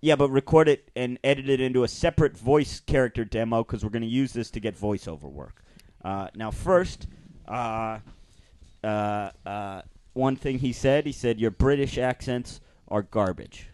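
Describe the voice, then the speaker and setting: A man's voice: medium pitch, normal speed, a little mellow, clear, resonant tone. A man hosting a comedy podcast, joking and riffing with his co-hosts. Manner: joking, puts on mock accents. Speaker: podcast host.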